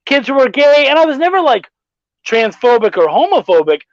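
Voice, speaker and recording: A middle-aged man hosting a podcast, telling stories in a profane, animated casual chat. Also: very high-pitched, brisk, no echo. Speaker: podcast host. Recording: dull dry lo-fi sound.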